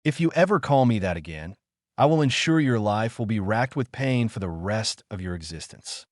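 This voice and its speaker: A man's voice: lowish voice, animated, normal speed, no echo, studio quality, close to an everyday voice. A man reading as a stern female demon fox. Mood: threatening. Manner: menacing, commanding. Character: proud angry female demon fox spirit.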